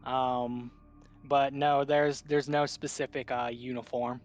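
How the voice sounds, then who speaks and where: Slow, hesitant male game master. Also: mid-range voice. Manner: relaxed, hesitant narration with fillers. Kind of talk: narrating a tabletop game.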